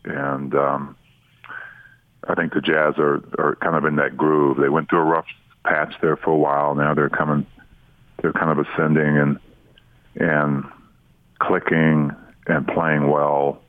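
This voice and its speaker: A man talking basketball as a guest on a sports radio show, easygoing and halting with restarts. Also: extremely low pitch, little pitch movement, no echo, phone-quality sound. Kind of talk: casual radio chat.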